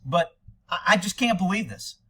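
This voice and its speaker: Indignant high-voiced American man ranting. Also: animated, moderate pace, very noisy. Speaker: commentator reacting to police video. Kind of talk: commentary.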